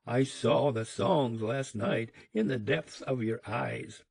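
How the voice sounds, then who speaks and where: A man playing a cruel, greedy old man who speaks harshly and gives orders, loud and slow. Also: mid-range voice, gravelly, husky, heavily acted. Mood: harsh demanding. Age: older. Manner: harsh, commanding.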